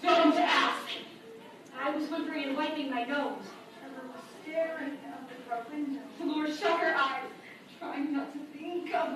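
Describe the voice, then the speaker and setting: A woman performing a scared youngest child who haltingly tells of a family emergency, in a competitive speech performance. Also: sits high, lightly acted. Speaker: forensics performer. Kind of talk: group interpretation performance. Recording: echoey video playback from far off with noise.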